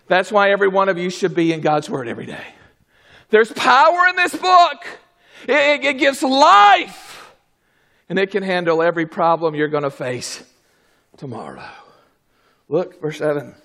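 A man preaching a fervent sermon, swinging from low murmurs to shouted exclamations. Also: lively intonation, normal speed, gravelly, pauses often.

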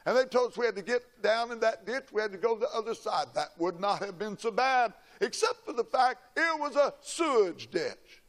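Older man, preacher, folksy storytelling sermon, high-pitched voice. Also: lively intonation, brisk, hardly any pauses. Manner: folksy, dramatic storytelling, shouting quoted lines.

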